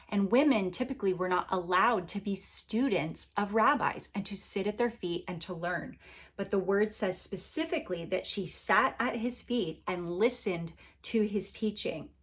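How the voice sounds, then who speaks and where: A woman giving a devotional Bible lesson in a conversational, encouraging way, sometimes acting out quotes with playful energy. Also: medium pitch. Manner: gentle and encouraging. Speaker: Bible teacher.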